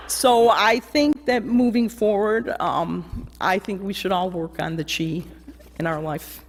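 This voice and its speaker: A woman's voice: medium pitch, lively intonation, normal speed. Woman telling laughing stories in a church. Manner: anecdotal, laughing, mimics voices. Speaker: eulogy speaker. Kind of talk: memorial remembrance. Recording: long church reverb.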